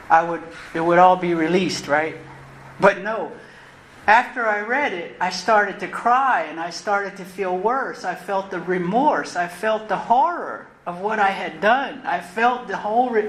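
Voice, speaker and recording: Earnest woman speaking in an echoey room. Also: lowish voice. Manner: earnest and reflective, repeats phrases, halting restarts. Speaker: closing speaker at a recovery convention. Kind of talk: personal recovery share, spoken from the podium. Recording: roomy live talk recording with faint noise.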